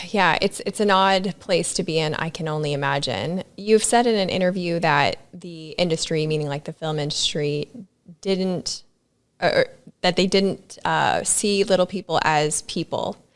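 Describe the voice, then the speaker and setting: A woman's voice: on the low side, unhurried, clear, resonant tone. A woman hosting a podcast, casual and chatty as she asks questions. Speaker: podcast host. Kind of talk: conversational interviewing.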